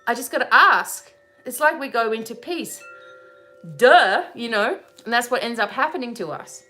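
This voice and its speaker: A woman's voice: on the high side, animated, moderate pace, a bit bright, faint music behind. A woman hosting a spiritual webinar in a casual, chatty teaching style, laughing often and checking in with "right?".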